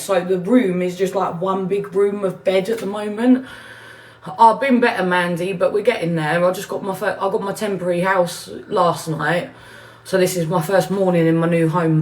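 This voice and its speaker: A woman's voice: lowish voice, a little hiss or hum. Chatty woman live-streaming from home. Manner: rambling, answering viewer comments aloud. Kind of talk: casual live-stream chat. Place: new home, indoors.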